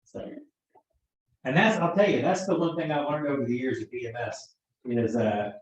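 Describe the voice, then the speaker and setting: A man's voice: medium pitch, moderate pace. A man teaching a class for emergency medical technicians, telling work stories and acting out the dialogue. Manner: chatty storyteller, acts out quoted dialogue. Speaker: EMT instructor. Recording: echoey room, far from mic, dull sound.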